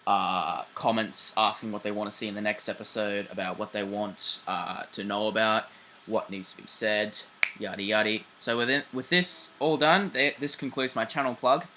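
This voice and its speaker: An Australian man hosting a casual railway vlog, excitable and chatty, swearing freely and filling pauses with "uh". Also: on the low side, a little hiss or hum. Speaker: railway channel host.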